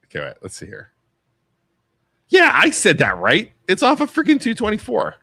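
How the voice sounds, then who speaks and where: A man co-hosting a casual chat in a studio, talking excitedly with loud laughs. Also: high-pitched, moderate pace, vocal fry, slightly rough, no echo. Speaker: co-host. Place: radio studio. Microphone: studio microphone. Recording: dry close studio sound.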